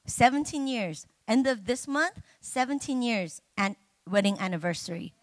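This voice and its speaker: A middle-aged woman preaching a sermon, chatty and humorous with the congregation and bursting into loud, emotional exclamations. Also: fairly high pitch, animated, moderate pace, no echo.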